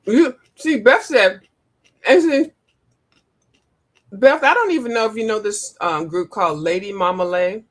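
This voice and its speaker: A woman hosting a casual livestream, animated, laughing often and breaking into sung and mimicked lines. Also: mid-range voice, measured pace, long pauses. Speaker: livestream host. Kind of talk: casual live chat.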